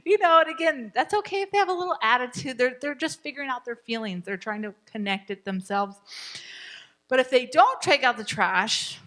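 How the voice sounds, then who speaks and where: A woman's voice: on the high side, animated, a little fast, bright, forceful tone. A woman teaches a parenting class in a classroom. She talks with her students and encourages them. She acts out the lines of parents and children as she explains.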